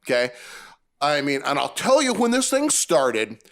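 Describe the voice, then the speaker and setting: A man's voice: on the high side, wildly swooping pitch, unhurried, fairly bright tone. A man co-hosting a casual movie review, rambling and restarting as he thinks aloud.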